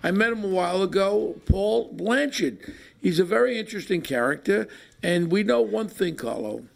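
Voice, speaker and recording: Man with a New York accent, brash podcast host, high gravelly voice, rambling jokey chat. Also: lively intonation, moderate pace. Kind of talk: casual chat.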